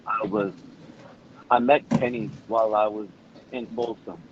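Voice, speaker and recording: A man's voice: fairly low pitch, steady tone, measured pace, lo-fi sound, background noise. A man giving an emotional, earnest statement of support at a parole hearing, speaking by phone. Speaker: public commenter at parole hearing.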